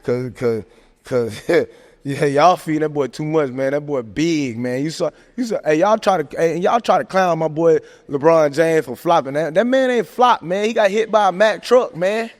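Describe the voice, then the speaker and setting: A man's voice: on the high side, normal speed. Joking man in a reverby room. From American South. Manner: animated, joking, lots of "man" and "hey, look". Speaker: podcast host. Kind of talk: casual sports chat. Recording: long hall reverb.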